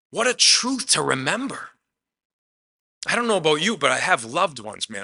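Very bright-voiced male preacher. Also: a little high, gravelly. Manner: conversational preaching, often says "man"; swings between loud emphatic lines and soft quiet asides. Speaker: pastor. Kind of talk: sermon.

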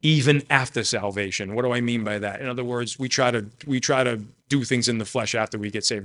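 A man preaching a sermon, addressing the congregation directly and swinging between loud emphasis and quiet asides. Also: medium pitch, brisk, few pauses. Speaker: pastor.

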